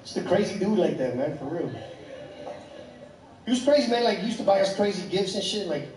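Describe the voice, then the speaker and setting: A man in his thirties tells stand-up stories in a rambling, animated, profane way. His voice sits high for a man. He is picked up from a distance in an echoey comedy club. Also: brisk. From Chicago. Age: 30s. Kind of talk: stand-up storytelling.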